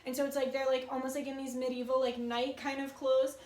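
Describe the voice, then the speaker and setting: Give me a chatty young woman with a high voice doing a casual tarot reading, recorded in an echoey room. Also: flat delivery, a little fast, a little mellow. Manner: chatty, swearing, many filler words. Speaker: tarot reader.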